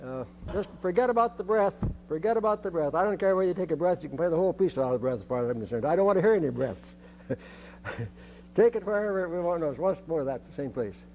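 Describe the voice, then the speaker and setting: A man's voice: high voice, lively intonation, fast, a little mellow, slight background noise. An older man conducting a band rehearsal, giving instructions and singing rhythms on short syllables, often repeating his phrases.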